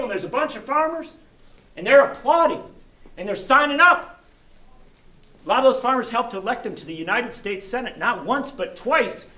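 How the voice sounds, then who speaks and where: A high, bright-voiced man tells a story to a crowd in a folksy, animated way, going hushed for suspense and climbing to rousing calls. He is heard from a distance in an echoey room with faint background noise. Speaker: rally speaker.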